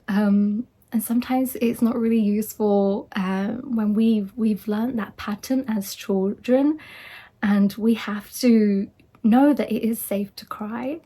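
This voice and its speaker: Woman life coach, husky tone, middle pitch, earnest and encouraging. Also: warm tone. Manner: earnest, reassuring, acts out quoted voices. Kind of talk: casual motivational talk.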